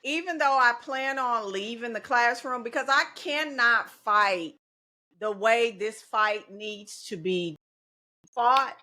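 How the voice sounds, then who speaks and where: A woman's voice: a little high, slow pace, sharp tone. A middle-aged woman, a teacher and union organizer talking casually and determinedly as a podcast guest. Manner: determined, speaks in slogans, laughs easily.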